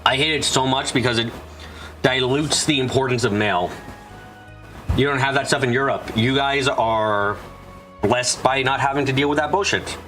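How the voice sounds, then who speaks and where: A man's voice: mid-range voice, moderate pace, bright, forceful tone, faint music behind. Profane ranting male game streamer. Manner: profane, ranting, talks back to chat. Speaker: gaming streamer. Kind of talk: casual let's-play commentary.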